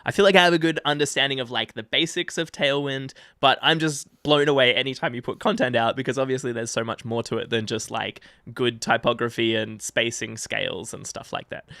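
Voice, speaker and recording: A man's voice: medium pitch, creaky, sharp tone, dry recording, studio quality. A man co-hosting a podcast, chatting casually and joking often with his co-host. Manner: jokey, laughs often.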